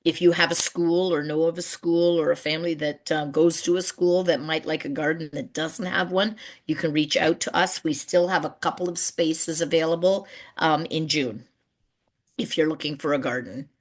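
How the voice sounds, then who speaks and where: A middle-aged woman presenting on a video call webinar about community gardens, telling stories and lively when she quotes people. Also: low voice, normal speed. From Canada. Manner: warm storyteller, animated when quoting people.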